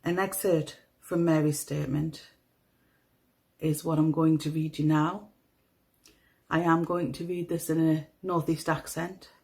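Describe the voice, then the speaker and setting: A woman with a toned-down Northeast English accent narrating a true crime story in a measured, somber manner. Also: deep voice, little pitch movement, vocal fry, a little mellow, poor audio. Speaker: podcast host.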